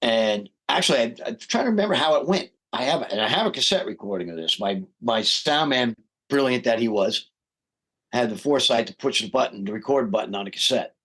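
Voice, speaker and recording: Animated middle-aged man telling a story. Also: mid-range voice, a little fast. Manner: animated storyteller who acts out quoted voices. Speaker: podcast guest, rock singer. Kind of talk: casual storytelling interview.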